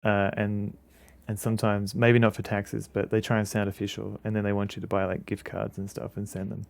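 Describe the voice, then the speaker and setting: A man with an Australian accent streaming a game, chatting casually in a halting, rambling way with many fillers. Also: fairly low pitch, level tone, gravelly. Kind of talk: casual commentary while playing a game.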